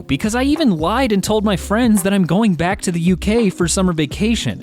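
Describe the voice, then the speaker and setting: Brief: narrator reading internet confessions, expressive and varied in pitch, quick chatty asides, faint music bed. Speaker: narrator reading online posts and comments. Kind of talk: scripted narration with casual asides.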